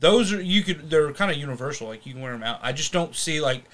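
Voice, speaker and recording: A man's voice: on the high side, quick pace. Rambling man on a casual podcast. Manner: rambling, restarts sentences, animated bursts. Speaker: podcast co-host. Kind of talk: casual chat.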